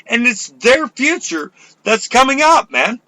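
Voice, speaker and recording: An older man hosting an internet radio talk show, ranting loudly and profanely with fiery energy. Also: extremely high pitch, sing-song, unhurried.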